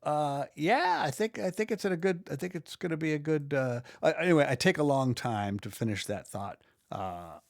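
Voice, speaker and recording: A man's voice: medium pitch, no echo, studio quality. A man walking through his computer work in a casual, rambling way, thinking aloud and restarting his sentences. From United States. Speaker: audiobook narrator and video creator. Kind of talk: casual screen-recording walkthrough.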